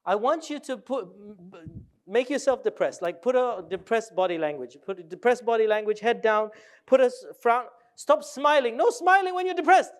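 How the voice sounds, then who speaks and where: Brief: high-pitched male speaker, animated and playful, works the room. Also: normal speed. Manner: animated, jokey, asks the audience questions. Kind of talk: live workshop talk.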